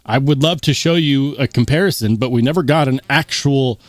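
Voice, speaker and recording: A man's voice: mid-range voice, brisk, few pauses, faint music behind. A man hosting a live stream in casual chat, reading viewer comments aloud and reacting in an upbeat, rambling way. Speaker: livestream host.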